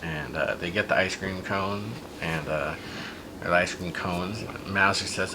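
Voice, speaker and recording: A man's voice: low voice, measured pace, background noise. A man hosting a podcast, casually and animatedly retelling a child's silly story, with plenty of fillers and restarts. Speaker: podcast host.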